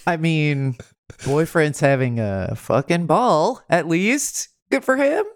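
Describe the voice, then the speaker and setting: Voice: mid-range voice, lively intonation, slow. A podcast co-host chatting casually, wry and laughing as they lead the segment. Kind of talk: casual chat.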